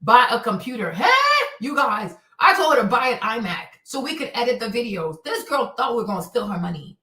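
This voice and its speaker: Woman streamer, high lively voice, bright, profane rant, echoey room a little off the mic. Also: brisk, recorded from a distance. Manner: profane, exasperated, rambling. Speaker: streamer host. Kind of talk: casual livestream rant.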